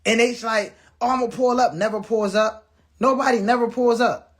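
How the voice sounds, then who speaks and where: Speaking at a moderate pace, this man has a very high, slightly bright voice and a steady tone. He shares a personal story with viewers in blunt, profane language, frequently restarting his words and performing other people's lines as quoted dialogue.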